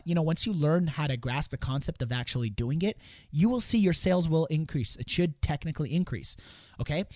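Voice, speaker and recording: A man's voice: a little high, a little mellow, no echo, studio quality. Rambling man coaching sales. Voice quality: rambling, repeats words and restarts, acts out quotes in a raised voice. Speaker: sales coach hosting a show. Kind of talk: casual coaching talk.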